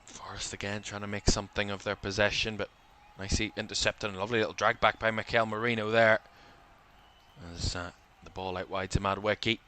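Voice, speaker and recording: A man's voice: lowish voice, little pitch movement, brisk, sharp tone, a little hiss or hum. A man giving live football commentary for a watchalong stream, calling player names in short bursts and lifting his voice as attacks build, a little tired. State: tired, yawning.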